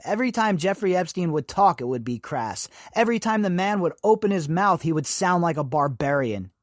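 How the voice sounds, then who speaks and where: A man's voice: high-pitched, no room sound, clean studio sound. A man hosting a podcast, giving emphatic, sarcastic commentary full of rhetorical questions. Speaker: podcast host. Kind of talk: opinionated commentary.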